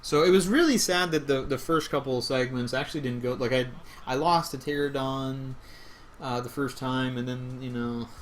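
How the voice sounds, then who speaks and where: Young male gamer, excitable run commentary, loose and rambling, faint hiss behind. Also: mid-range voice, moderate pace. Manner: rambling, self-correcting, excitable. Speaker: speedrunner commentating his own run. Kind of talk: casual gameplay commentary.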